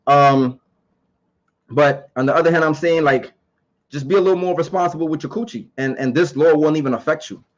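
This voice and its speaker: A man's voice: on the high side, fairly quick, muffled recording. A man giving his opinions in a casual monologue to camera. He talks emphatically, repeats his points and asks rhetorical questions.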